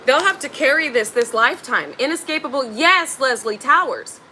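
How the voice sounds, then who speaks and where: Emphatic, bright-voiced woman tarot reader. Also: high voice, lively intonation, moderate pace, slight background noise, rough recording. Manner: emphatic, blunt and slangy, swears freely. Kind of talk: spiritual tarot reading.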